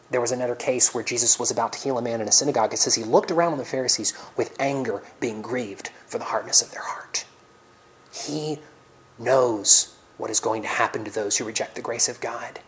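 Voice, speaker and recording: A man preaching a sermon, reading scripture loudly and then dropping to soft, near-whispered reflections. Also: mid-range voice, rough recording.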